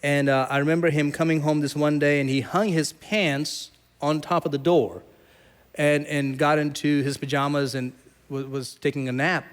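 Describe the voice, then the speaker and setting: A middle-aged man from South Asia preaches with a somewhat high voice, moving between teaching and storytelling. He acts out the people in his stories with animated, dramatic voices. His delivery is warm and lively, shaped for a congregation. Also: normal speed, clear, resonant tone. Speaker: pastor. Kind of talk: sermon.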